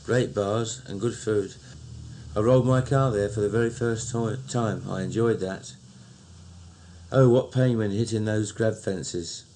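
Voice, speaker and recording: A man with a Cockney accent, slowly and fondly recounting old memories in a recorded diary. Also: fairly low pitch, fairly even intonation, mellow, slight background noise. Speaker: narrator.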